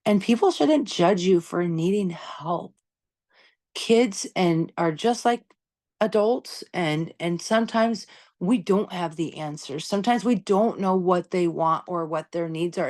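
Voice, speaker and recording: A woman's voice: fairly low pitch, a little slow, darkish tone. A woman in her fifties hosting a podcast, talking candidly and emphatically about parenting in a casual, conversational way, swearing freely. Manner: conversational, lots of "you know" and "right?". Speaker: podcast host.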